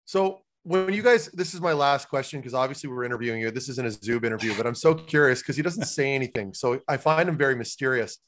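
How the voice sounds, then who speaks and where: A man's voice: medium pitch, fast talker, few pauses, a bit bright, a little hiss or hum. A man co-hosting a casual podcast, chummy and joking, swearing casually as he asks questions. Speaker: podcast co-host.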